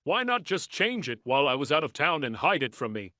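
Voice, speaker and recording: A man narrating a first-person story in a measured, even reading style. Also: fairly high pitch, dry recording.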